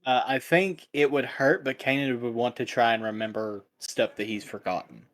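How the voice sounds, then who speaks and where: A man playing a tabletop game, talking in a relaxed, amused way. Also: medium pitch, normal speed. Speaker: player. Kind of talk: casual tabletop play.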